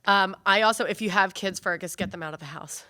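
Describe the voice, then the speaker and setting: A woman co-hosting a casual TV studio chat, talking in quick, laughing asides about family and vacations. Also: mid-range voice, sharp tone, no echo. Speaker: co-host.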